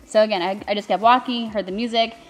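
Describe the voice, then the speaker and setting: A woman's voice: medium pitch, steady tone, fast talker, soft background music. A young adult woman co-hosting, telling a story casually and animatedly, laughing often and getting emotional. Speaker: co-host recounting her engagement.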